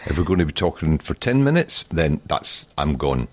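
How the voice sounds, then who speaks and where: A man with a Scottish accent co-hosting a podcast in casual chat, joking and deadpan with rambling asides, on a handheld mic. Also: rumbling low, normal speed, no echo. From Scotland. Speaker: podcast co-host. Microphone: handheld microphone.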